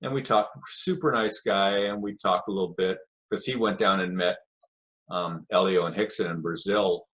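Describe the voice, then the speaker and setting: A man's voice: low voice, steady tone, normal speed, fairly bright tone. Older man telling rambling stories. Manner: rambling anecdotes with acted quotes. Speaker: guest. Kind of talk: casual storytelling interview.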